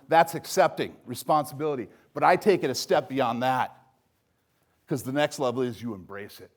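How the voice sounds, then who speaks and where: An older man giving a motivational speech, emphatic, with loud punchy lines that drop to soft, low asides. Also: animated, a little fast. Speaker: speaker at a recovery event.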